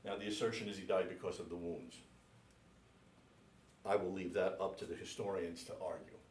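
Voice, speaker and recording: Slow, deliberate priest lecturing. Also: male voice, medium pitch. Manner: slow, deliberate, spells out names letter by letter. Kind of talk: classroom lecture. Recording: echoey room, mic at a distance.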